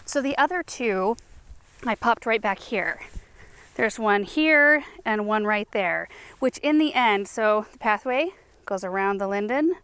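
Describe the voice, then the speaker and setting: A young adult woman hosting a casual garden tour vlog outdoors, chatty and enthusiastic, thinking out loud as she goes. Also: mid-range voice, animated, unhurried, smooth. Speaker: gardening channel host.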